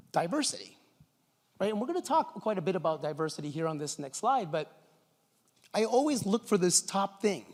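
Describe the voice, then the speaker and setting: A middle-aged man giving a conference talk with enthusiastic, animated storytelling, recorded in a large conference hall. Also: on the high side. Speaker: conference presenter.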